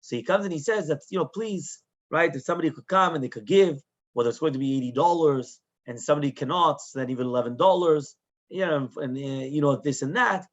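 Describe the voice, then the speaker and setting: A man's voice: on the high side, fast talker. A man, a rabbi, telling a lesson story in English with Hebrew terms, acting out the people in it and asking his listeners "right?" again and again. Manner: animated storyteller, acts out the people in his tale; mixes Hebrew terms into English, with frequent tag questions. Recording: dull, lo-fi recording.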